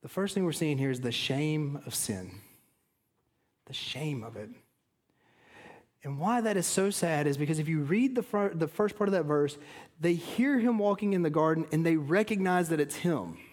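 A man in his thirties preaching a sermon to a congregation, earnest, dropping low and quiet on solemn points. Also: animated, normal speed. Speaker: pastor.

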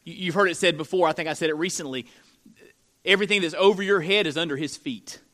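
A man preaching a sermon as pastor. He swings from loud, emphatic declarations to quiet, close-spoken lines, repeating key phrases and asking the congregation questions. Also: fairly high pitch, fast talker.

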